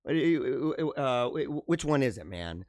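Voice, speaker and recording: A man's voice: medium pitch, takes it slowly, dry recording, clean studio sound. A man hosting a live show, chatting loosely, reading out viewer comments and laughing often, with lots of "dude" and "man". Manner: animated, laughing, slangy ("dude", "bro", "man"). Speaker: livestream show host.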